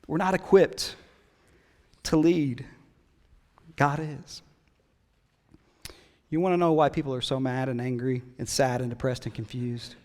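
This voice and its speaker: A middle-aged male pastor preaching a sermon, chatting with his congregation and swinging from loud emphatic build-ups to hushed whispers. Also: medium pitch, fairly even intonation, normal speed. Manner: conversational, jokes with the congregation. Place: church hall. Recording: long hall reverb in a church.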